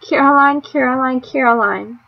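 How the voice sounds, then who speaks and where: A grieving father speaks softly and plainly, at times in a whisper, as a woman puts him on. The voice stays high. The recording has a dull, muffled tone. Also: moderate pace, vocal fry. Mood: tender. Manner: soft, plain-spoken, whispering. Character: grieving quiet father, plain-spoken man.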